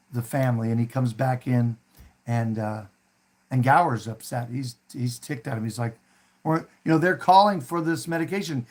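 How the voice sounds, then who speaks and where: A man's voice: medium pitch, darkish tone. A man hosting a casual talk, retelling a film scene in a rambling way with many fillers and restarts, and acting out quoted lines in a raised voice. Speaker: host.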